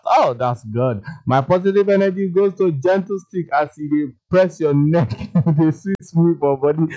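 Jokey Nigerian Pidgin radio host. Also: male voice, fairly high pitch, normal speed, few pauses. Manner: lively, jokey, reads listener messages aloud. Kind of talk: radio phone-in chat. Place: radio studio. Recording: dull lo-fi radio broadcast.

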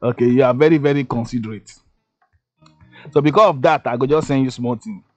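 A man's voice: medium pitch, fairly quick, faint music behind. A man with a Nigerian accent hosting a radio show, chatting casually and joking, often checking "you understand?". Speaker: radio host. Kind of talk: casual radio chat in Pidgin English.

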